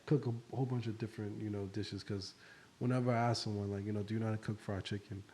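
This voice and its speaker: Dark-voiced man hosting a laid-back chat. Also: lowish voice, quick pace, slight background noise. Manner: relaxed, rambling, many fillers. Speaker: podcast host. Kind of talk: casual chat.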